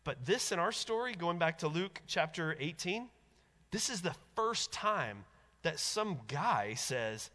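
Male pastor, high bright voice, lively sermon delivery that acts out quoted voices, long hall reverb. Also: unhurried.

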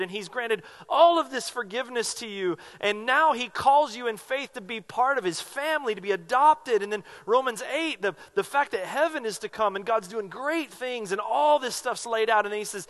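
A man's voice: sits high, expressive, normal speed, hardly any pauses, fairly bright tone. A man preaching a sermon as pastor, earnest and emphatic, repeating phrases for weight.

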